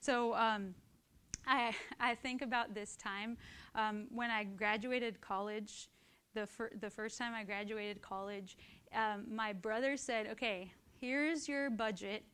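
A woman teaching from the Bible in a conversational way, often checking in with "right?" and getting lively and laughing as she tells stories. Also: mid-range voice, slow, clean tone. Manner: animated and laughing while telling stories.

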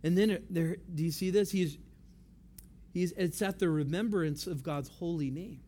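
This pastor speaks to the congregation in an unhurried, easygoing manner, his voice on the high side with a dark tone. He repeats key phrases to drive them home during the sermon.

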